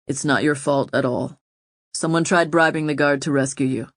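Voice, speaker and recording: A woman voicing a calm young lord who speaks flatly and curtly. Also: low-pitched, normal speed, dry recording, clean studio sound, voice pushed down, lightly acted. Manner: flat, curt, controlled.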